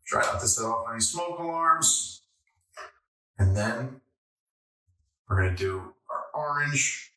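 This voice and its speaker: A man hosts a laid-back vlog and chats wryly with jokey asides. His voice is bright and sharp at a middling pitch. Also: lively intonation, takes it slowly, long pauses. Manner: chatty, wry, jokey asides. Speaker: host. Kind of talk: casual cocktail-making vlog chat.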